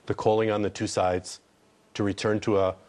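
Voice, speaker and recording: A man's voice: on the low side, flat delivery, moderate pace, darkish tone. A man who is an ambassador from Israel, answering questions in a TV news interview in an earnest way and repeating words when he presses a point.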